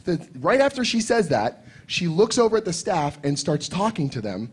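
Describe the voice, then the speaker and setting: A man telling a convention anecdote on a panel, excitable and swearing often, acting out voices as he goes. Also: sits high, moderate pace, breathy edge. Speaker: comics writer panelist. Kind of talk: animated storytelling on a convention panel.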